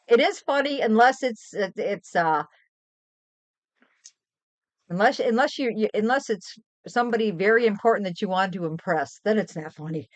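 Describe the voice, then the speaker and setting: An older woman streamer tells chatty, rambling stories with animated energy during a casual live stream. Her voice sits at medium pitch and moves at a normal speed. The stream audio is dry, dull and lo-fi, with no echo.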